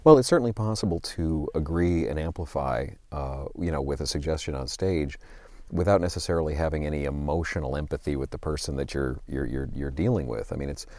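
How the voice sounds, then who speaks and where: A man's voice: a bass voice, fairly quick, darkish tone. A man in his sixties, an interview guest telling stories about his career in a rambling, self-deprecating way. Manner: rambling, self-deprecating, with many fillers and restarts. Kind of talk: conversational interview.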